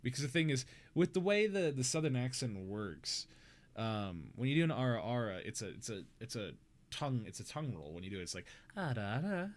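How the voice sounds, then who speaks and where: A man's voice: medium pitch, sing-song, brisk. A man hosting a live stream, chatting casually with a rambling, laughing manner. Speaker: streamer and show host.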